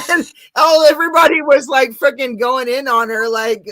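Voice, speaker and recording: A chat show host with a bright, forceful voice, gushing over a guest's looks and moments. The talk is loose, profane and full of laughter. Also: high-pitched, fairly even intonation, normal speed. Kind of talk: casual chat.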